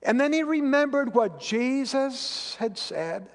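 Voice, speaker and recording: A man preaching a sermon as pastor, earnest and storytelling, sometimes dropping to quiet intensity. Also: very high-pitched, animated, takes it slowly. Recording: long reverb of a large hall.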